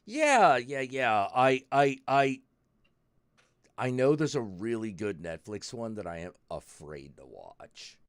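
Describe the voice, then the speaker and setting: A man co-hosting a casual chat, lively and often stammering over repeated words. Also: mid-range voice, takes it slowly, smooth, dry recording, clean studio sound. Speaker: podcast co-host.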